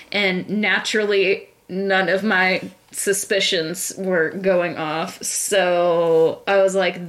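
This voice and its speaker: A woman's voice: on the low side, steady tone, normal speed, a bit bright. A young woman co-hosting a podcast, telling a long embarrassing story in a casual, self-mocking way and laughing often. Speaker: podcast co-host.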